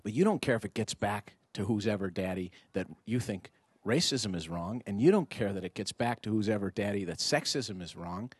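A brisk, lowish, slightly rough male voice, recorded dry, belongs to a middle-aged man talking to parents. His public talk at an indoor venue is lively and rhetorical, with audience exchange and animated play-acting of dialogue.

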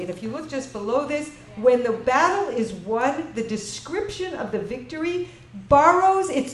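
A woman teaching a Bible class to an audience, asking them questions and reading verses in Hebrew before translating them. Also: sits high. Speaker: lecturer. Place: lecture room with an audience. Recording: echoey room with faint ambient noise.

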